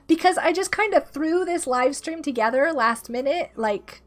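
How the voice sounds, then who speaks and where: A woman in her thirties, sick with a rough throat, chatting casually and giggling as she greets viewers during a game stream. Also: sits high, expressive, normal speed. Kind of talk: casual live-stream chat while gaming. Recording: faint music behind the voice.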